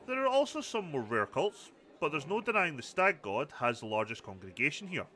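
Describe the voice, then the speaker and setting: A man reading a humble high priest. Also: sing-song, fairly quick, sharp tone. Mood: courteous.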